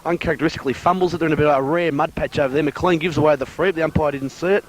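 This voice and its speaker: A man's voice: fairly high pitch, steady tone, racing. Man calling amateur football play-by-play. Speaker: football commentator.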